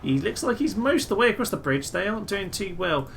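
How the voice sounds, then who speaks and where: Excitable man commentating gameplay. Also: high voice, fast talker, vocal fry, slight background noise. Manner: excitable, jokey, bursts of loud exclamations. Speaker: gaming video host.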